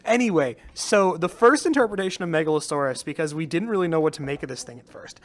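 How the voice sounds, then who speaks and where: A man's voice: on the high side, animated, fast talker. A young man hosting a podcast in casual chat, rambling with lots of fillers and frequent laughter. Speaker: podcast host.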